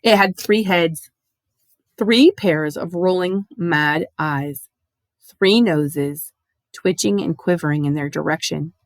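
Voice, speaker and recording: A woman giving an expressive, animated storybook reading. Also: fairly low pitch, dry recording. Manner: animated, lively. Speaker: audiobook reader.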